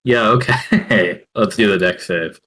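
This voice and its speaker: A man narrating as game master of a tabletop game, hesitant and full of filler pauses. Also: fairly low pitch, pushed and bright, poor audio.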